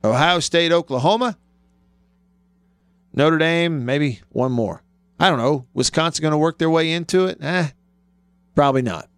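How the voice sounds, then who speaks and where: Smooth-voiced male sports radio host. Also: a little high, moderate pace, long pauses, no echo. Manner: emphatic, argumentative, thinks aloud with restarts. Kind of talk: sports talk radio commentary. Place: radio studio.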